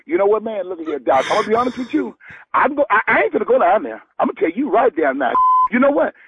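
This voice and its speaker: Husky fast-talking exasperated man. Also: high-pitched, very animated, no echo, muffled recording. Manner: loud, exasperated, swearing. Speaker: prank call target. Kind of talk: phone conversation.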